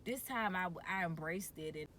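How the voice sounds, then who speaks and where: A woman, casually and animatedly telling her birth story, jumping to a high excited voice when she quotes herself. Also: normal speed, a little hiss or hum.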